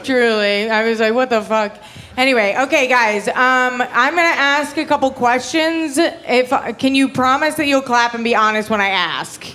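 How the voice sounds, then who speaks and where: Young woman, stand-up comic, high voice, crude, laughs at her own jokes, live club set. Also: normal speed, hardly any pauses, pushed and bright. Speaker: stand-up comedian. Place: comedy club stage before a live audience.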